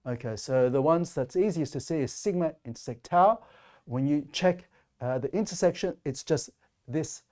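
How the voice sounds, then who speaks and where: A man's voice: fairly high pitch, normal speed, a little mellow. A man giving a recorded mathematics lecture, explaining step by step with frequent "uh" and "okay". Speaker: math lecturer.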